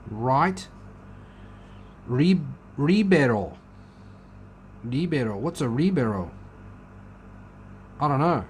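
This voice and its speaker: A man's voice: on the high side, slight background noise. A man chatting casually as he flips through a car magazine, musing aloud and joking. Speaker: car channel host.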